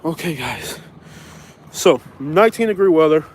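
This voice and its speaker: Southern man on a phone vlog, rambling and repetitive, slightly higher voice, outdoors with faint traffic hum. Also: expressive, normal speed. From Florida. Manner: rambling, repeats himself, slangy street talk. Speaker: vlogger. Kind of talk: casual walking vlog. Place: outdoors on a snowy windy street. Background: traffic and outdoor ambience.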